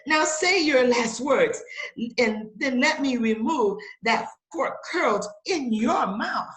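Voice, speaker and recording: A woman's voice: high voice, expressive, slow, a bit bright, exaggerated voice. A woman playing a man indignant at a snake in his garden, blustering in theatrical rhyming outbursts, in an audio theater play. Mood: scornful. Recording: roomy echo.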